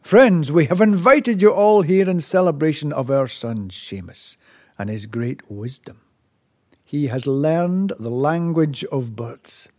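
A man voicing a proud island chief who commands his son and shouts in anger. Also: a little high, slow pace. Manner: commanding, bursts into loud anger. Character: proud, quick-tempered island chief, father.

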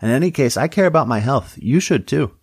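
A man's voice: mid-range voice, lively intonation, fairly quick, a little mellow, slightly rough, dry recording, clean studio sound, voice pushed up. A man voicing a fussy, health-minded young woman deputy who asks prim, persistent questions.

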